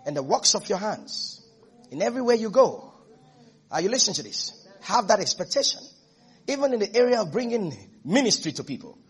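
A man's voice: high voice, very animated, fairly quick, slightly rough. A man preaching a sermon as pastor, emphatic, repeating phrases and asking the congregation if they are listening.

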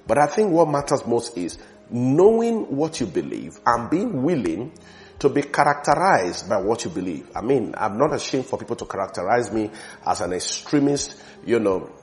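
A man preaching a sermon in a church, emphatic, his voice swelling loud on key phrases and sinking low at the ends of others. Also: very animated, moderate pace.

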